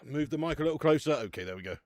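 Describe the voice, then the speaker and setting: A man's voice: on the high side, lively intonation, rapid-fire, a little mellow, no room sound. A man hosting a casual football watch-along stream, chatting with the live chat and swearing casually.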